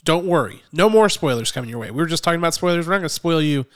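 A man's voice: on the high side, expressive, rapid-fire. A man hosting a movie podcast in casual chat, rambling with lots of fillers. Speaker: podcast host.

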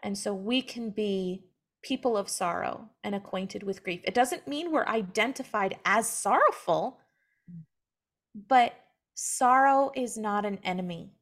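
Speaking a little slowly in a medium pitch, a young woman appears as a guest in a relaxed talk about faith, telling her story as a mother. Her tone is earnest, and she livens up when imitating other people's words.

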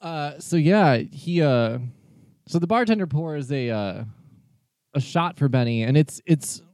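A man running a tabletop role-playing game as game master, narrating in a relaxed way with many fillers. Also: on the high side, a little slow, no echo, clean studio sound.

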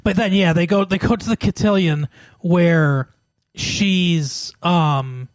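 High-voiced man chatting on a podcast. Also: slow pace, dry recording. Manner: chatty, laughs often while retelling scenes. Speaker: podcast co-host. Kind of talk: casual chat.

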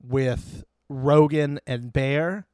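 A man with a fairly high voice co-hosts a podcast and recaps a reality show in a loose, chatty way. He acts out quotes and fake laughs as he tells the story. The sound is dry and close. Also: fairly even intonation, drawn-out words, a little mellow, smooth, no echo. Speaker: podcast co-host.

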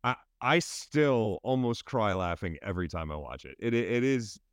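A man co-hosting a podcast in casual chat, laughing often and stammering when he gets excited. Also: lowish voice, normal speed, smooth, no room sound, clean studio sound. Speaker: podcast co-host.

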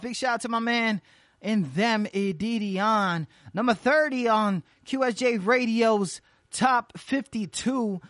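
An internet radio host rattling off quick, slangy shout-outs in casual, hyped chatter. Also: medium pitch, no echo, studio quality. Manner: rapid repeated shout-outs, loose slangy banter.

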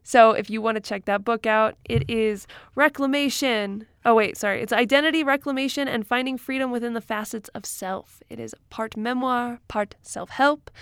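Female solo podcast host, encouraging and playful, a little high-pitched, recorded dry. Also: vocal fry, smooth, dry recording. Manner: warm encouraging, laughs often, playful asides. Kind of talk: solo self-help podcast pep talk.

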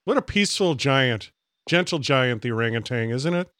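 Deadpan teasing man, dry sound. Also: mid-range voice, moderate pace, dry recording. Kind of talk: casual podcast chat.

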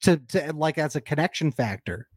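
A man's voice: a little high, expressive, moderate pace, slightly rough, no echo. A man co-hosting a podcast in casual chat, cracking dry, teasing jokes. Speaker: podcast co-host.

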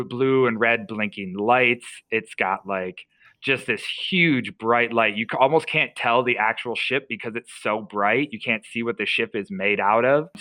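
A man's voice: mid-range voice, sharp tone, no room sound, poor audio. A young man, a podcast co-host, casually retelling a story with lots of fillers and restarts.

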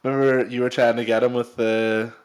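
Young man, podcast co-host, laid-back banter, middle pitch. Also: little pitch movement, fairly quick. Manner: laughing banter, swearing, local slang. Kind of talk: casual chat.

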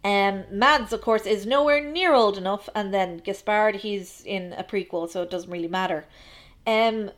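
A woman's voice: medium pitch, normal speed. Chatty woman co-hosting a film podcast. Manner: chatty and analytical, many ums. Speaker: podcast co-host. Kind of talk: casual film discussion.

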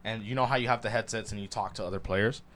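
A man's voice: lowish voice, steady tone, fast, fairly bright tone. A young man co-hosting a podcast, chatting casually and telling stories with a lot of "like" filler. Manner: loose, storytelling, heavy "like" filler. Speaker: podcast co-host. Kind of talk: casual chat.

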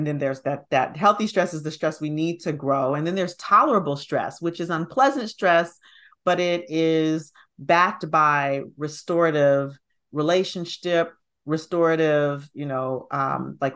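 A middle-aged woman with a fairly low voice, speaking as an expert guest. She explains concepts in a thoughtful, conversational way and often pauses on fillers. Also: fairly bright tone. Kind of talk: conversational interview.

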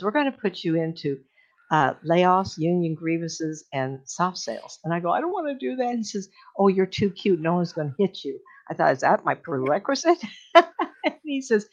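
An older woman, a medium, telling stories in a casual, animated way on a talk show, acting out the voices she quotes and laughing often. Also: on the low side. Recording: dull lo-fi sound.

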